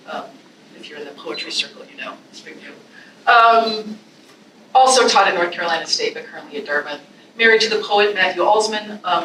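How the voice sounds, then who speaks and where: Woman, college English instructor, classroom talk and poetry reading, emotional and expressive, bright tone, distant mic. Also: fairly low pitch, slight background noise. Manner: expressive, emotional, chatty asides with fillers. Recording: echoey room from a distance.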